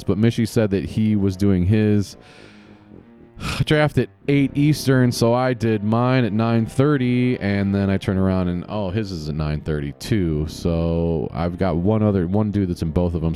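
A man hosting a loose solo podcast, talking in a lowish voice that rambles, stops and restarts. He swears offhandedly as he goes. Soft guitar music sits faintly underneath. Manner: rambling, self-correcting, casual swearing. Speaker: podcast host. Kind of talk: casual solo podcast recap.

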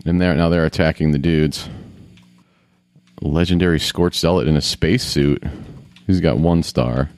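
A man's voice: very deep voice, fairly even intonation, moderate pace, long pauses, a little mellow, dry recording. A man casually commenting on a video game as he plays, grumbling, swearing and talking to himself. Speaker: gamer.

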